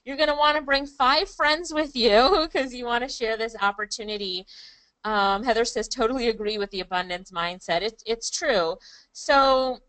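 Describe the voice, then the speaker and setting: A woman's voice: a little high, normal speed, fairly bright tone, no echo, low-quality recording. A woman presenting a live online class in an upbeat, chatty way, calling on viewers by name. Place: Kingston, Jamaica.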